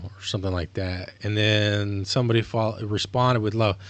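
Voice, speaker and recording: A man's voice: on the low side, moderate pace, a bit bright, no echo. A man streaming live, talking casually in a rambling, self-correcting way as he explains things. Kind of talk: casual livestream monologue.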